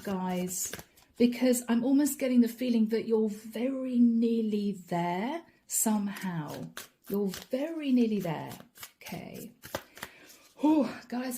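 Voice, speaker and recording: A woman tarot reader, middle-aged, with a soft, mellow tone that sits a little higher than most. She talks directly to her viewers, coaxing and reassuring them and circling back over the same encouraging phrases. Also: lively intonation, takes it slowly, a little hiss or hum. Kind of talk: channeled tarot reading to camera.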